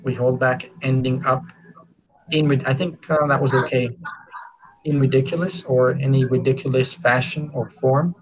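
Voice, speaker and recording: A man's voice: medium pitch, steady tone, normal speed, rough recording. Man teaching on a video call. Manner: encouraging, hesitant with fillers. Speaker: English teacher. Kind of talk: online class feedback.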